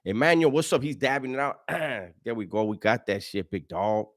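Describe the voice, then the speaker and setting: A man's voice: mid-range voice, normal speed. A man hosting a casual livestream, reading chat messages in a slangy way, laughing often and stumbling over his words.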